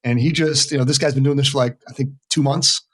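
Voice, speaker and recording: A middle-aged man from the United States talks quickly and earnestly as a podcast guest. His voice sits at a medium pitch and sounds close and dry, with no room echo. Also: fairly even intonation, husky. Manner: earnest, emphatic. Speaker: veteran mental health worker, interview guest. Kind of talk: casual conversational interview.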